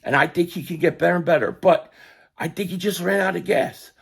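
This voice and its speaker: A man hosting a fan sports show, ranting excitably and yelling at times, his voice going hoarse. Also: sits high, fairly quick. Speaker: sports podcast host. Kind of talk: fan commentary live stream.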